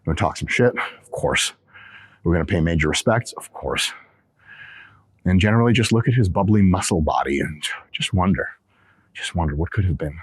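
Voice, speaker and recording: A man's voice: low-pitched, fast, a little mellow, husky, dry recording. A man hosting a fitness vlog, chatting casually between sets in a gym, profane, joking and rambling. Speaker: fitness channel host.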